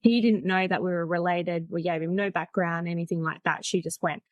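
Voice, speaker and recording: A woman's voice: fairly low pitch, fairly even intonation, fairly quick, no echo, muffled recording. A woman in her forties, a podcast guest, telling her story in a chatty, frank way and laughing easily. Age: 40s. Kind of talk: casual storytelling.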